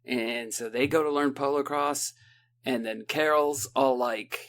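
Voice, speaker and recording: A man in casual podcast chat, recapping a book in a rambling, sarcastic way and mimicking the characters in quick asides, with a lilt. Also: mid-range voice, fairly even intonation, fairly bright tone. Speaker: podcast co-host.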